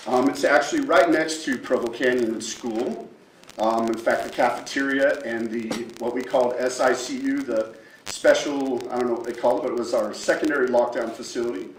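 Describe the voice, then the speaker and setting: A man in his forties from Utah gives public testimony, his voice halting and emotional, broken by pauses and fillers. He is heard from some distance in a roomy, echoing hearing room with faint background noise. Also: medium pitch. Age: 40s. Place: large legislative hearing room. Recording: echoey room, far from the mic.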